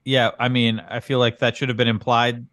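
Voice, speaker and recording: A man's voice: medium pitch, little pitch movement, fairly quick, a bit bright, no echo. Bemused straight man in comedy chat. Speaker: podcast co-host.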